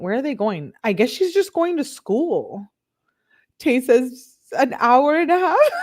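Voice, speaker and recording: A young woman reads text messages aloud in a casual commentary style, breaking off with incredulous asides. Her pitch sits in an ordinary middle range for a woman. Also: a little mellow. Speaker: true crime commentator.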